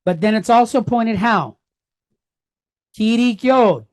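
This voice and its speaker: A woman's voice: on the high side, slow, a little mellow, no room sound. A woman teaching a Hebrew lesson, going patiently step by step and asking questions that she then answers herself. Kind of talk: classroom lesson.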